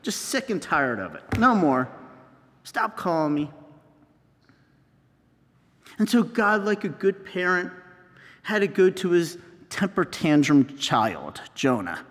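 Slow-spoken priest in a reverberant hall. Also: male voice, high voice, big pitch swings, a bit bright. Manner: slow, storytelling preacher acting out scenes. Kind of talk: homily.

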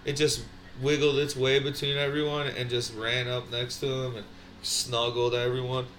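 A man's voice: mid-range voice, little pitch movement, normal speed, fairly bright tone. A man in casual chat, telling profane stories and acting out what people said. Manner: storytelling, profane, acts out quotes. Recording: echoey room, faint background noise.

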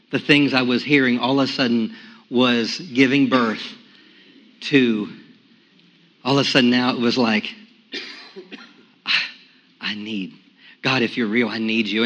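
Bright-voiced pastor preaching in a hall. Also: male voice, lo-fi sound. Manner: testimony builds from quiet and hushed to loud and high. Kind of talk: sermon. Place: church sanctuary. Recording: echoey church sanctuary.

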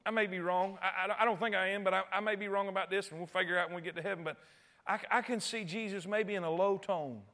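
A man preaching a sermon, emphatic and repetitive, swinging between loud cries and hushed tones. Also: sits high, fairly even intonation, fast talker. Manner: repeats phrases and restarts often.

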